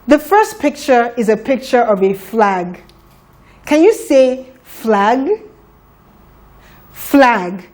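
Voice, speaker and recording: A woman leads a phonics lesson for young children. Her voice sits a little high, and she speaks very slowly. She sounds out each letter with deliberate care. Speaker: phonics teacher.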